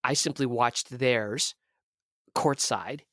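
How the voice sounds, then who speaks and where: A man's voice: mid-range voice, takes it slowly, no room sound, clean studio sound. A man from Southern California, a podcast guest, telling a personal story candidly and bluntly, with plenty of profanity and acted-out dialogue. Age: 30s. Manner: blunt, profane, animated storyteller who acts out quoted dialogue.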